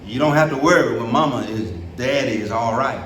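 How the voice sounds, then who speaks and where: A middle-aged male pastor preaching a sermon in a church, talking in a loose, colloquial way and swinging from low, quiet stretches up to shouted peaks. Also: brisk, distant mic, a crowd in the background. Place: church sanctuary. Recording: echoey room, preacher off the mic.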